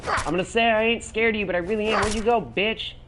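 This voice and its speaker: A man's voice: sits high, fairly even intonation, fast, background noise. A young man giving casual gameplay commentary as he plays, swearing a lot and shrieking when he is startled. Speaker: gaming video host.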